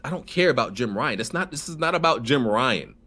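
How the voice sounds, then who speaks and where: A man's voice: medium pitch, lively intonation, fairly quick, a crowd in the background. Insistent man stammering through an argument. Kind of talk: casual debate.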